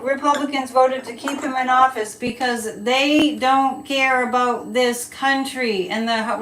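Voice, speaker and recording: A woman's voice: high voice, a bit bright, distant mic. A woman hosting a casual live stream, chatty and opinionated, rambling as she answers viewer comments. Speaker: psychic livestream host. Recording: echoey room, voice a bit off-mic.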